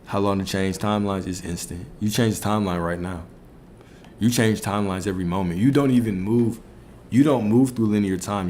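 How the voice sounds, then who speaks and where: Man, lowish voice, reflective livestream teacher, faint room hum behind. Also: steady tone, fairly quick, a little mellow. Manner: reflective, repeats phrases, asks listeners questions. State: a little out of breath. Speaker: spiritual coach streaming to viewers.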